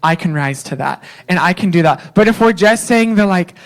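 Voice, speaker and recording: A man's voice: high voice, lively intonation, normal speed. A young man, a worship leader, speaking candidly and casually at a church conference session, with many fillers.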